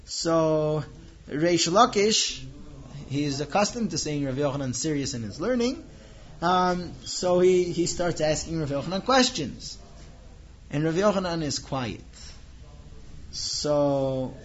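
A man telling a teaching story in an informal lesson, animated and acting out the characters' lines. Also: on the high side, highs cut off, a little hiss or hum.

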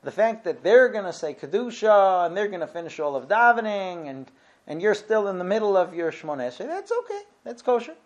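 A middle-aged man teaching a relaxed lesson on Jewish prayer law, talking it through step by step with frequent restarts. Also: high voice, brisk, dull audio. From Israel. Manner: conversational, restarts often, explains step by step. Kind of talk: informal Torah lesson.

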